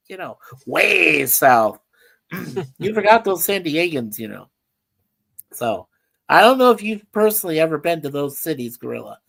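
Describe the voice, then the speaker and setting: A woman's voice: low-pitched, very animated, measured pace, creaky, pauses often, fairly bright tone. A woman hosting a casual livestream chat, rambling and reading viewer comments aloud. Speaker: livestream host.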